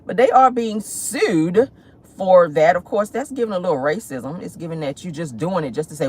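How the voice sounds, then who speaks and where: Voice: mid-range voice, lively intonation, moderate pace, a little mellow, breathy edge. A gossip channel host chatting sassily while driving, swearing freely and calling viewers honey and y'all. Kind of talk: casual celebrity gossip chat. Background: faint road and car noise.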